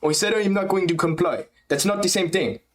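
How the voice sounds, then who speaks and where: A man's voice: sits high, brisk, voice pushed up, lightly acted. A man doing an impression of a stubborn male fighter with a put-on Dutch-leaning European accent, speaking in clipped, defiant lines.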